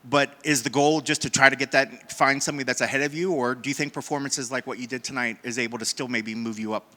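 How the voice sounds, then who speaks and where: Male reporter, rapid friendly questions, bright voice, reverberant space. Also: medium pitch, steady tone. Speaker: interviewer. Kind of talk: press interview questions. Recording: long reverb.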